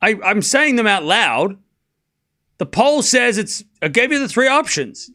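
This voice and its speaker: A young man's high-pitched, sing-song voice, sharp in tone and a little slow, narrates a live tennis match for stream viewers. The watchalong commentary is casual and chatty, with self-mockery and stumbles over player names.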